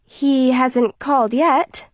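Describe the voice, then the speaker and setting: Woman playing a worried mother, scolding, high strained voice, dry close sound. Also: takes it slowly, no echo. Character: anxious mother, controlling and shrill when upset.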